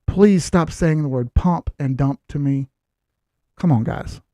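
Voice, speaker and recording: A man hosts casual market commentary, explaining charts in a blunt, lecturing way. He drops sarcastic asides along the way. His voice is high for a man, and the sound is dry and close. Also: unhurried, warm tone, dry recording. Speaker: crypto chart analyst host.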